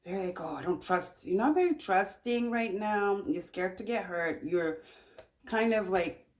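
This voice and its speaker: A woman's voice: medium pitch, a little slow, a little mellow. A woman giving a casual pick-a-card tarot reading, chatty and encouraging, often repeating her phrases. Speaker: tarot reader.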